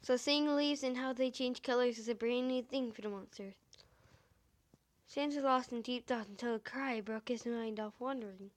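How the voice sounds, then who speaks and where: Squeaky-voiced woman reading a story aloud. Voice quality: high, squeaky voice. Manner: halting, stumbling reading with many fillers and restarts. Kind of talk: reading fan fiction aloud.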